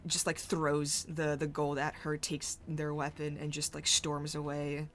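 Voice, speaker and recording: A woman narrating a tabletop role-playing game as game master, halting and searching for her words as she describes scenes. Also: sits low, completely flat delivery, slight background noise.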